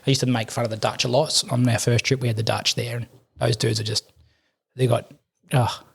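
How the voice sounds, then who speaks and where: The voice is mid-range, creaky and slightly rough, with a flat delivery. It belongs to a middle-aged Australian veteran and firefighter, a podcast guest telling fast, rambling war stories with laughter in easygoing chat.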